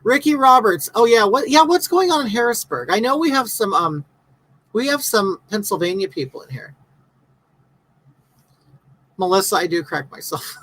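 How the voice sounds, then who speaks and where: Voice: medium pitch, a bit bright, poor audio. A livestream host in their fifties talks straight to viewers, reading their comments aloud between long rants. The delivery is blunt and sarcastic. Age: 50s.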